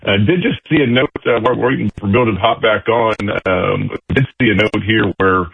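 Low-voiced co-host on dull radio audio. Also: male voice, gravelly, husky, no echo. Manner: halting, many fillers and restarts. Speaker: co-host of a financial radio show. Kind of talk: financial radio talk.

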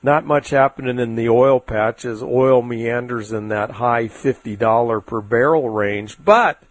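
A man hosting a financial talk show, rambling through market commentary with plenty of "uh"s and folksy asides. His voice sits at a middle pitch. The sound is dry and close, with no room around it. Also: a little slow, dry recording. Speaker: investment show host.

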